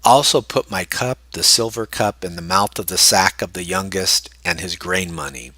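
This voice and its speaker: A man's voice: low-pitched, moderate pace, sharp tone, dry recording. A man reading out a commanding ruler's orders.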